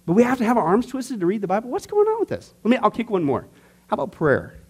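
Animated high-voiced man teaching church class. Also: fast, breathy edge. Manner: conversational, jokes with the class, acts out skeptics. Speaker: pastor teaching a discipleship class.

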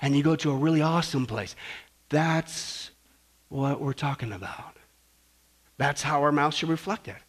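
A man preaching a sermon, moving between hushed, slow stretches and loud, emphatic passages. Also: a little high.

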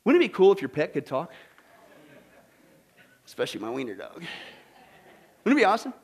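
A man preaching a sermon, animated and folksy, with acted-out voices and asides to the congregation. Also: fairly high pitch, brisk, slightly rough. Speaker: pastor.

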